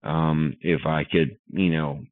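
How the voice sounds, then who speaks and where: A man talking casually as a podcast guest, halting and full of fillers and restarts, heard over a call line. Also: very deep voice, fairly even intonation, no echo. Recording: tinny phone-line call.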